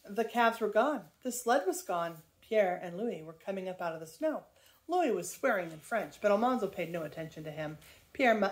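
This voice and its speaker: An older woman, a grandmother, reading a children's book aloud in a lively, expressive way. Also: mid-range voice, normal speed.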